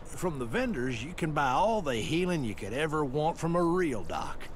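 A sly, shady backwater medic. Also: male voice, on the high side, big pitch swings, normal speed. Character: shady unlicensed male frontier medic. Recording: noisy game audio on stream.

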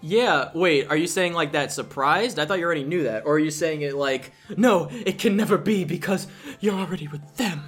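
A man's voice: fairly high pitch, brisk, few pauses, fairly bright tone, husky, soft background music. A man hosting a let's play, giving casual, sarcastic, exasperated commentary full of swearing.

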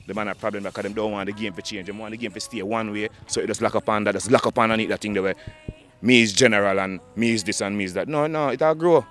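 A man with a Jamaican accent, a dancehall artist talking fast in animated patois in an interview. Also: fairly low pitch, soft background music. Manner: fast animated patois, frequent "dog" and "you understand".

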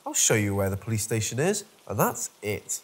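Guy reading as a cranky hurt young dude in a scary story, snapping and cursing, husky voice with a voice that jumps all over. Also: lowish voice, huge pitch swings, moderate pace, voice pushed down, full character voice. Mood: irritated. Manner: irritable, swearing. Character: grumpy injured young man, sharp-tongued.

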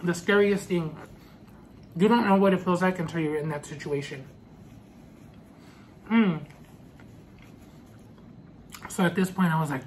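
A man vlogging a personal storytime as he eats, earnest and halting, with many restarts. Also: a little high, steady tone, a little hiss or hum. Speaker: food vlogger. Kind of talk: storytime while eating.

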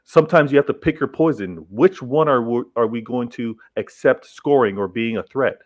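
A man's voice: medium pitch, normal speed, no room sound. Emphatic man debating football. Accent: non-English accent. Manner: emphatic, repeats phrases when arguing. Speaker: football show panelist.

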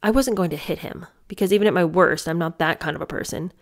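A grieving young woman recalls a painful memory in a low, subdued voice, as a woman reads it aloud. The delivery is quiet and held back. It comes across as a memoir read at home. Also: quick pace, natural voice. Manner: lower and quieter than her own talk, subdued. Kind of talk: reading a memoir passage aloud.

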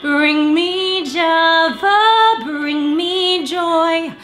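A young woman singing a musical theatre song as a shy girl smitten with a barista, in dreamy, drawn-out phrases. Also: very high-pitched, steady tone, a bit bright, full character voice. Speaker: auditioning actor. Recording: echoey room, faint music.

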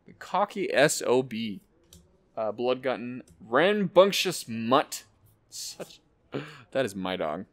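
Excitable man rattling off card names. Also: medium pitch. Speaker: host opening card packs. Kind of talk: casual unboxing commentary.

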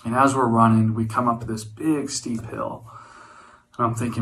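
A man's voice: medium pitch, steady tone, brisk, pushed and bright, low-quality recording. A man in his thirties giving an earnest, reflective personal testimony speech as a guest speaker, often restarting his phrases. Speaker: guest speaker, former wildland firefighter.

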